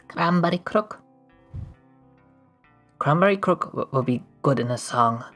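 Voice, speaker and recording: Playful woman streamer, very deep voice, slow unhurried chat while drawing, desk mic. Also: animated, a bit bright, soft background music. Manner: playful and goofy, breaks into laughs and silly voices.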